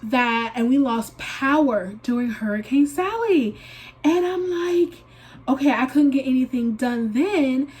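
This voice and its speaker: A young woman chats through a get-ready-with-me video, her voice sitting notably high. She tells her story animatedly, slipping into dramatized quotes of herself, and sounds slightly stuffy from a recent sinus infection. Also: expressive, measured pace, darkish tone, slightly rough. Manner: uses y'all and filler likes. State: congested, recovering from a sinus infection. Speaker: beauty vlogger. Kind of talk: casual get-ready-with-me chat.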